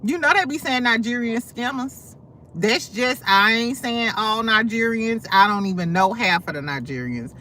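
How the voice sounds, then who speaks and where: A woman's voice: on the high side, expressive, normal speed, bright, forceful tone. A woman host on a casual livestream, telling blunt, profane gossip stories full of asides. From St. Louis. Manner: sassy, blunt, profane storytelling with many asides.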